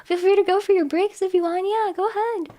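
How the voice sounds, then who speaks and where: A woman live streamer chatting casually with her viewers, animated and exclamatory with a mock-exasperated edge. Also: very high voice, brisk.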